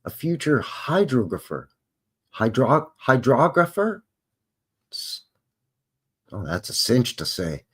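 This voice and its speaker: A Canadian man with a lowish voice hosts a casual live stream. He reads historical notes aloud and keeps interrupting himself with dry, offhand remarks. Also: sing-song, measured pace, breathy edge. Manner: wry offhand asides between read-out facts. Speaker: live show host.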